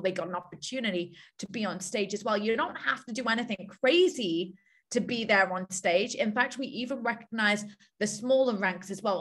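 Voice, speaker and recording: A woman's voice: medium pitch, fairly bright tone. A woman hosting a team video call, coaching listeners in an upbeat way and repeating her key points. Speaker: call host.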